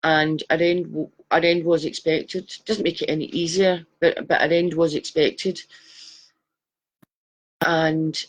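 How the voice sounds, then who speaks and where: A woman's voice: deep voice, flat delivery, a little slow. A woman giving live psychic readings, chatty and affectionate, calling viewers darling. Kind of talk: live-stream chat reading viewers' photos.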